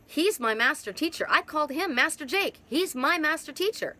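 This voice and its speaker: Emphatic middle-aged woman, bright voice. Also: sits high, animated, normal speed. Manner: emphatic, repetitive, heartfelt. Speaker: twin soul facilitator. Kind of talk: spiritual monologue. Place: outdoors in hot humid weather.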